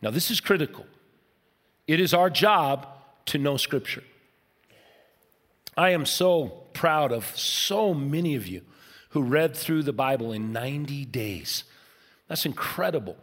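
Animated male pastor preaching in a reverberant hall. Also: fairly high pitch, unhurried, pauses often. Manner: animated storytelling with wide swings between loud and hushed. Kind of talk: sermon.

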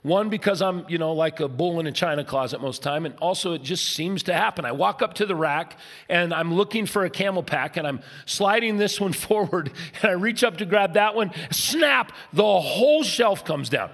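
A male pastor delivering a sermon in a church hall, his slightly high voice carrying a long reverb tail. He moves between loud, animated storytelling and hushed, earnest stretches. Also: a little fast.

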